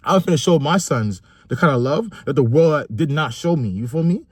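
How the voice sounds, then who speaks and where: A man's voice: on the high side, expressive, moderate pace, slightly rough, no echo, studio quality. A young adult man, delivering a passionate opinion monologue about fatherhood and repeating phrases for emphasis. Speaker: vlogger and father.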